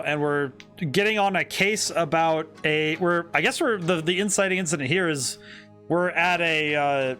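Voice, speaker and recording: A man's voice: on the high side, sharp tone. A man giving casual, joking gameplay commentary as a streamer, self-deprecating and chatty.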